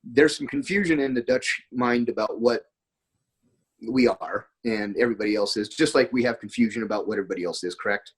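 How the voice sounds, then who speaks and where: A husky-voiced man talks casually as a podcast guest. He spins long, rambling anecdotes at a mid pitch, with a breathy edge to his tone. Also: a little fast, rough recording. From United States. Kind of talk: casual conversation.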